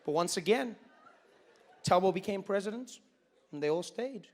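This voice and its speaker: Animated South African stand-up comedian. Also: male voice, high voice, normal speed. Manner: animated, rhythmic, repetitive storytelling.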